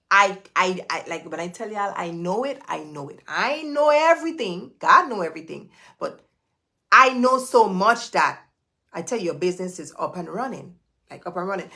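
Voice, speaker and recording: A woman's voice: lowish voice, creaky, bright, forceful tone. An emphatic woman coaches her live viewers in a preachy, motivational way. She hammers her points home by saying them twice, sometimes three times. She talks straight to the audience as their business coach. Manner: emphatic, repeats key phrases, preachy.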